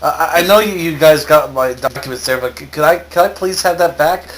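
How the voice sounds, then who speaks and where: A man's voice: a little high, fairly quick, a bit bright. A man who keeps stammering, interrupting in a whiny, mock-indignant way. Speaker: story author interrupting.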